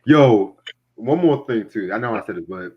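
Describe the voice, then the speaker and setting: A young podcast host and music reviewer talks bluntly at normal speed in a lowish, husky voice, swearing freely and laughing often in animated, profane banter. The recording is dull and lo-fi.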